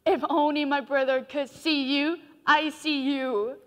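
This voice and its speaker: A teenage girl as a gentle, solemn young tribeswoman with a high voice. She speaks slowly, and the sound rings out across a large hall. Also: fairly even intonation. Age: teens. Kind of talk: live stage acting. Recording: long hall reverb.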